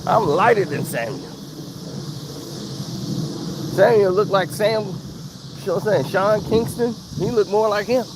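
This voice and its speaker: Slow-talking man telling a story outdoors. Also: high voice, expressive. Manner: laid-back, wry, laughs through story. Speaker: storyteller vlogger. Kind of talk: casual anecdote. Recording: outdoor cricket noise.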